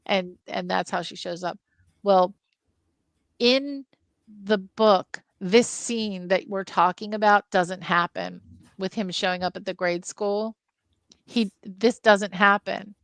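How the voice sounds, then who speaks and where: A woman co-hosting a casual film podcast, retelling book scenes with lively storytelling. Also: mid-range voice, slow, no echo. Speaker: film club podcast co-host.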